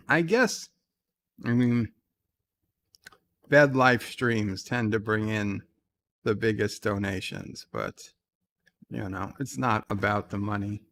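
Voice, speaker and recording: A man hosting a live stream, chatting casually and reading viewer comments aloud, with a slight New York accent and a dry, offhand manner. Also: fairly bright tone. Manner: reads chat messages in a raised, livelier voice, then answers in a dry, low aside.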